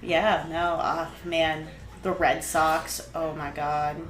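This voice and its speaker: A young woman co-hosts a casual podcast, rambling in an animated, slangy way. Her voice sits a little low. The room echoes noticeably, with a faint hiss underneath. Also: takes it slowly. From New England. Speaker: podcast co-host. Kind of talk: casual chat.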